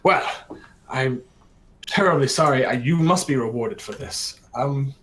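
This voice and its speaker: A man's voice: medium pitch, unhurried, a bit bright, natural voice, low-quality recording. A man voicing a tall, broad, courteous human warrior-priest in his forties, who speaks in a polite, formal way. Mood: somber.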